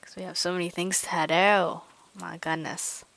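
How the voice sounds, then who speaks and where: A woman streaming a game in casual let's-play commentary, chatty and talking through each of her moves with quick self-aware asides. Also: lowish voice, flat delivery, gravelly, a bit bright.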